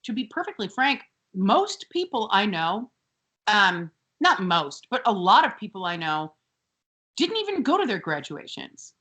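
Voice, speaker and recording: Woman cohost chatting casually, kinda high voice, very lively, animated. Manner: animated storytelling, acts out quotes in other voices. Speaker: podcast co-host. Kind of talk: casual chat.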